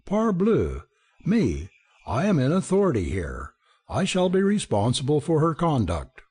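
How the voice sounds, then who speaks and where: A man's voice: a little high, huge pitch swings, unhurried, darkish tone, breathy edge, pitched above the performer's own voice, heavily acted. A man voicing a proud, grandiose middle-aged French occult detective. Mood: defiant. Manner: grandiose, indignant.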